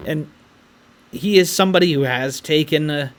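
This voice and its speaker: Man rattling off college basketball stats. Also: fairly high pitch. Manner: stat-heavy, measured, some restarts. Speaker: podcast co-host. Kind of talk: casual sports analysis chat.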